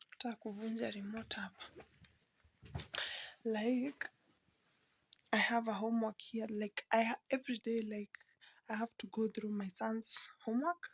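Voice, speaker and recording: Soft-spoken woman, close and dry. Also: on the high side, dry recording. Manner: soft-spoken, often near a whisper, mixing Swahili into English. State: emotional, near tears. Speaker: vlogger, mother. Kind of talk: casual vlog talk to camera.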